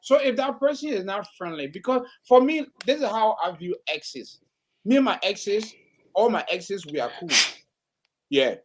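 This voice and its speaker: Male host, high voice, loose rambling delivery, stammers and laughs through his points. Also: animated, normal speed. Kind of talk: casual live-stream panel chat.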